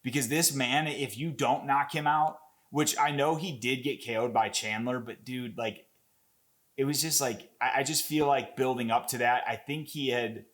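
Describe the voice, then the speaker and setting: A young man talking casually and excitedly as he breaks down an upcoming fight, swearing often and rambling with restarts. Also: medium pitch, normal speed. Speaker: MMA commentator.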